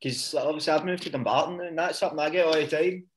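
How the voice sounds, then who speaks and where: A man with a North Ayrshire Scottish accent, hosting a podcast and telling stories with lively, sweary energy. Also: fairly high pitch, rapid-fire, a little hiss or hum. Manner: animated storyteller, swears and mimics people. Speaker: podcast host. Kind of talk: casual chat.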